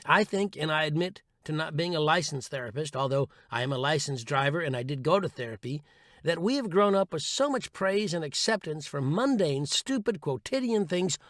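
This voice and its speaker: A man with a slightly high voice reads his own essay with wry, sarcastic humor. He sounds like a seasoned audiobook narrator turned coach. The sound is dry and close, with no room around it. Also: lively intonation, normal speed, fairly bright tone, no room sound. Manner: wry, sarcastic, playful delivery. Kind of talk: scripted essay reading.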